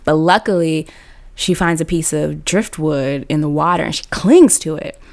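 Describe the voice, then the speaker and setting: A woman's voice: low-pitched, moderate pace, darkish tone. A woman host telling a comic story in a casual, slangy way, laughing often. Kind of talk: comedic storytelling.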